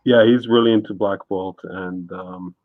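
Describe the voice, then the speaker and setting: A man's voice: deep voice, fairly even intonation, a little slow, creaky, no echo, narrow, tinny audio. A man hosting a live stream, easygoing and chatty, reading out viewer comments. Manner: easygoing, reads chat comments aloud. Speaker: stream host. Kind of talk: casual chat on a live stream.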